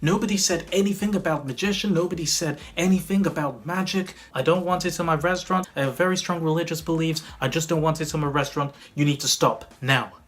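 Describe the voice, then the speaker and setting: A man voicing an angry elderly male restaurant manager who speaks in a stern, insistent, loud voice. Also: on the high side, moderate pace, hardly any pauses, pitched above the performer's own voice, close to an everyday voice.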